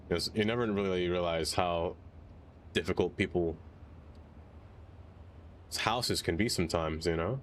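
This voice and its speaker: A man's voice: deep voice, steady tone, moderate pace, pauses often, a little hiss or hum. A man streaming a city-building game, rambling casually to his viewers and getting sidetracked by chat. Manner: rambling, chatty, easily sidetracked.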